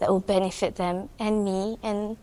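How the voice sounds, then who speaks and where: A woman's voice: medium pitch, flat delivery, moderate pace, mellow. A woman entrepreneur with a Malaysian accent, speaking earnestly in an interview and mixing Malay words into her English. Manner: earnest, mixing English with Malay fillers, frequent "you know". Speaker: entrepreneur and guest. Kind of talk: reflective interview chat.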